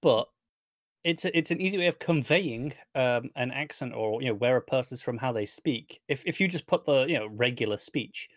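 A man co-hosting a casual comic review chat, measured and even-handed, with hesitant restarts. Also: mid-range voice, no room sound, studio quality. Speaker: podcast co-host.

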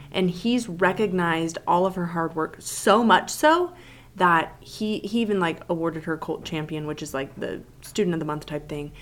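A woman in her thirties co-hosting a podcast, telling stories in a chatty, animated way. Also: fairly low pitch. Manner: chatty, animated storytelling with laughs. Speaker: podcast co-host. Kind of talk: casual chat.

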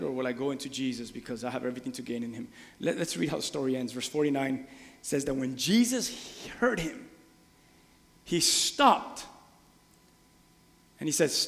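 Man preaching in a big echoey church hall, high voice, kinda gravelly, gets loud acting stuff out. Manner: animated preaching, acts out voices, shouts quoted lines. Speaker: pastor. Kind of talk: sermon. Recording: long reverb of a large hall.

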